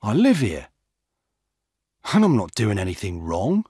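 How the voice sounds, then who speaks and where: A man's voice: fairly low pitch, huge pitch swings, measured pace, warm tone, breathy edge, no room sound, studio quality, exaggerated voice. A man voicing a young male jogger who is questioned by police and stays defensive.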